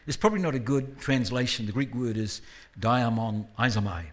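At a church service, a guest preacher speaks at a normal pace in a mid-range voice. He delivers his sermon conversationally, dropping self-deprecating asides and building to rising emphasis.

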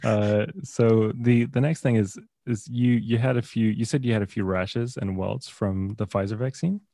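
A man talks in a playful, teasing way, stumbling over a word now and then before pushing on. His voice sits a little low. The sound is dry and close to the mic. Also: steady tone, moderate pace, vocal fry, mellow, no room sound. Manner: teasing, playful, with stammered restarts. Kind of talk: casual chat.

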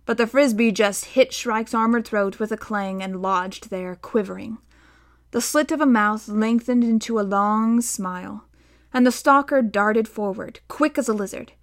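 A woman narrating a novel aloud in a steady storytelling manner, voicing the dialogue. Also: on the high side, measured pace. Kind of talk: audiobook narration.

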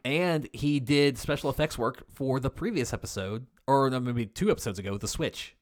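A man's voice: medium pitch, expressive, normal speed, no echo. A man co-hosting a horror podcast, chatting casually, swearing now and then and reading out the episode credits. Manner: laid-back, swears, reads out credits. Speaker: podcast co-host.

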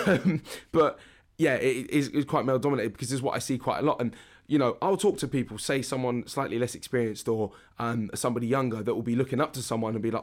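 A man's voice: medium pitch, fast talker. A man, hosting a casual podcast as a fitness coach, talking frankly with many restarts. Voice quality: husky. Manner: frank, rambling, lots of restarts and fillers.

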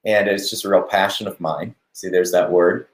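A man hosting a live stream, giving a relaxed devotional talk on a verse and chatting to viewers as they comment. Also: sits low, moderate pace, reverberant. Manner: conversational, warm-hearted preaching with asides to viewers.

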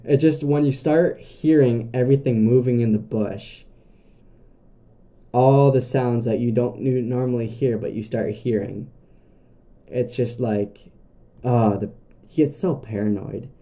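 A young man tells camping stories on his podcast in a deep, mellow voice that is very dark in tone. He rambles casually, piling up fillers and restarting sentences as he goes. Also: unhurried, pauses often. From Canada. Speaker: podcast host. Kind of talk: casual storytelling monologue.

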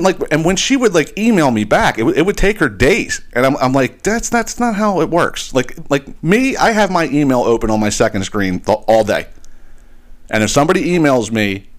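A man hosting a podcast, telling a long exasperated story in a casual, profane ranting way. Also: mid-range voice. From eastern Pennsylvania. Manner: profane, exasperated, animated retelling. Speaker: podcast host.

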